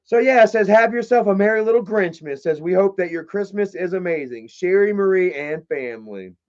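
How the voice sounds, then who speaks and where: A man talks loosely on a live stream, his voice sitting a bit high. He rambles, jokes and swears. The sound is muffled and lo-fi. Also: lively intonation, brisk, a little mellow. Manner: rambling, profane and jokey. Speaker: live streamer opening fan mail. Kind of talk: casual live-stream chat.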